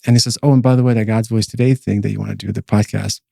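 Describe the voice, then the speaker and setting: A man's voice: fairly low pitch, fairly even intonation, rapid-fire, creaky, warm tone, no room sound, clean studio sound. A man co-hosting a podcast, recounting a personal dream as a testimony in a rambling way, full of fillers and restarts. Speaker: podcast co-host.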